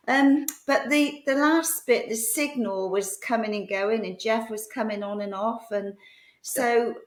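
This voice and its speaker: A woman's voice: fairly high pitch, takes it slowly. Woman cohost asking questions over a call, kinda echoey. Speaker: co-host. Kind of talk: interview questions. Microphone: remote call.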